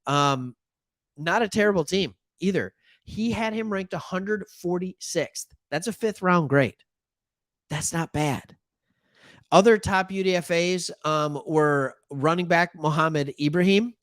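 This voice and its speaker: A man's voice: high-pitched, unhurried, no echo, studio quality. A man from Michigan hosting a sports talk show, chatting casually and animatedly with joking asides. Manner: animated, joking asides, plays imagined callers.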